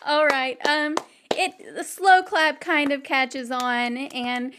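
A woman's voice: high-pitched, steady tone, slow, noisy background. A woman narrating a tabletop game as game master, with lots of fillers and laughter. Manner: laughing often, filler-heavy.

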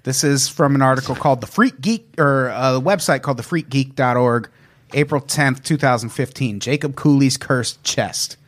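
A man hosting a casual podcast, reading out spooky stories and joking with friends. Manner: storytelling with animated pitch, quick to laugh. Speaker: podcast host.

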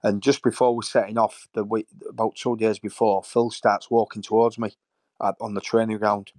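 In this relaxed storytelling interview, a Hull-born ex-footballer in his fifties wanders through his memories emotionally, often repeating himself. He speaks at a normal speed with a lowish, darkish voice and flat delivery, and there's no echo.

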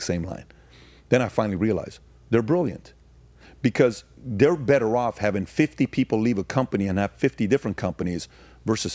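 A man speaking as a podcast guest, telling stories in an emphatic, animated conversational way and often acting out dialogue. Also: on the low side, husky, dry recording. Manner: emphatic, acts out quoted dialogue in varied voices.

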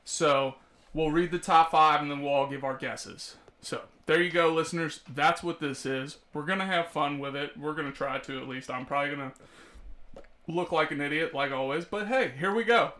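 A man's voice: on the high side, normal speed, pushed and bright. A man hosting a casual podcast, joking at his own expense and swearing freely. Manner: self-deprecating, swearing, joking. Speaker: podcast host. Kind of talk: casual chat.

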